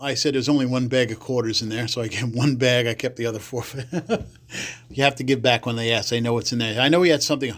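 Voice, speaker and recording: Animated New man telling street stories. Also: fast talker. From the Bronx, New York. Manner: acts out quoted voices with big jumps in pitch, salty language. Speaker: podcast guest. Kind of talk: casual storytelling.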